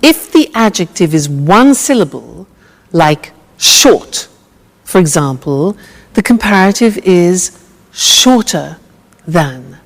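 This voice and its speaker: A woman teacher leads a slow, deliberate grammar drill in a lowish voice. She is patient and encouraging, and her words ring in a roomy hall. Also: big pitch swings. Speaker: English teacher.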